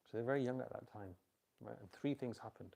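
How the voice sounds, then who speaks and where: Middle-aged guy telling parenting stories to a crowd, gravelly husky voice, keeps asking the audience to say it back. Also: medium pitch, brisk. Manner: conversational, quizzes the audience with repeat-back questions; storytelling with animated quoted voices. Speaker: speaker giving a talk on parenting. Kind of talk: informal religious talk. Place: venue with a live audience.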